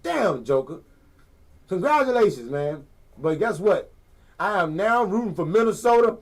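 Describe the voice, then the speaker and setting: A man hosting a sports podcast from a living room, talking casually in an animated, slangy, rambling way and repeating himself. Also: high-pitched, moderate pace. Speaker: podcast host.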